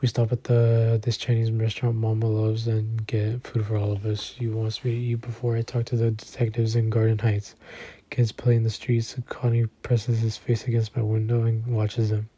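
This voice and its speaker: A man narrating an audiobook in the first person, with a steady, even delivery. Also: on the low side, normal speed, husky. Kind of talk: scripted narration.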